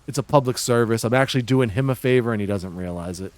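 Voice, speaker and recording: A man's voice: mid-range voice, fast talker, dry recording. Streamer type, male, hams up a fake Boston-New York accent, jokey with chat, clean dry home-mic sound. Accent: exaggerated put-on Boston-New York. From Massachusetts. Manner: joking, playfully ribbing chat. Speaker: livestreamer. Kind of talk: casual livestream chat.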